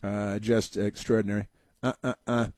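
Sarcastic talk radio host, dry sound. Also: male voice, lowish voice, little pitch movement, normal speed, a little mellow, no room sound. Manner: sarcastic, mocking, heavy on filler sounds.

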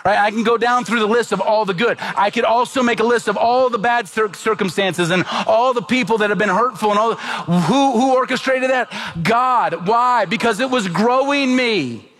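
A man's voice: sits high, normal speed, hardly any pauses, fairly bright tone. A middle-aged man preaching a sermon as pastor, earnest and emphatic, asking the congregation rhetorical questions.

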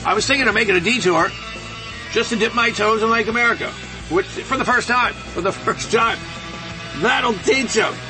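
A man's voice: high-pitched, fairly quick, over music. A man hosting a talk radio show, joking and rambling in a sarcastic way.

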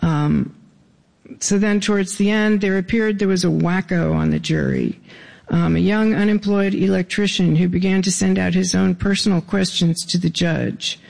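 A man with a fairly high, heavily gravelly voice reads his own stories to a live audience at normal speed. His delivery is deadpan, with dry, wry asides between passages.

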